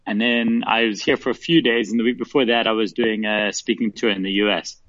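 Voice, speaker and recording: A man calling in as a guest, telling a casual, animated story. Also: lowish voice, a little fast, dry recording. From South Africa. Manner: animated, laughing anecdotes with acted-out quotes. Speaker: phone-in guest. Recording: dull phone line.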